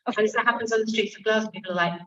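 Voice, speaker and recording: An English actor and author answering audience questions at a bookshop event, candid and self-mocking, with frequent swearing. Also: female voice, medium pitch, fairly even intonation, racing, sharp tone. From England. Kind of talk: casual stage conversation. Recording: distant, dull lo-fi room recording.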